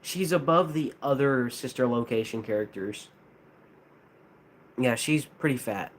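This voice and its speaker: A man with a lisp, chatting casually on a live stream, hesitant and halting, with frequent restarts. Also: medium pitch, slight background noise. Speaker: streamer ranking plush toys.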